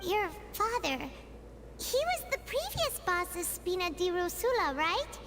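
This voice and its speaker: A woman's voice: very high voice, very animated, unhurried, a bit bright, exaggerated voice. An actress voicing a small, chirpy fairy companion girl in a video game, chatty and eager. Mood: curious. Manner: eager, chatty, speaks of herself in third person. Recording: game audio under music. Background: game music.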